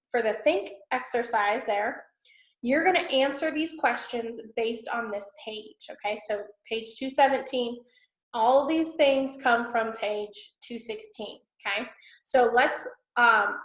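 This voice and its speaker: A woman teacher with a slightly high voice walks students through an exercise patiently, step by step, pausing often to check in. She is recorded in an echoey room. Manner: patient, step-by-step explaining with frequent "okay?" checks. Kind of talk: classroom instruction recorded for students.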